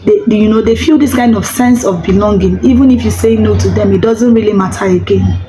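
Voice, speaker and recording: A woman's voice: medium pitch, fairly quick, warm tone, slight background noise, rough recording. A woman giving parenting advice to the camera in a chatty, encouraging way, often repeating words for emphasis. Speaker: parenting vlogger. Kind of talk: advice vlog, talking to camera.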